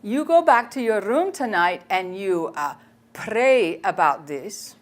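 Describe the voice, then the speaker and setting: A woman voicing a kindly old nun who speaks slowly and gently in simple, broken English. The nun is warm but will not be moved. Her pitch sits in a middling range. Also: lively intonation. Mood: gentle. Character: elderly nun, kindly and firm.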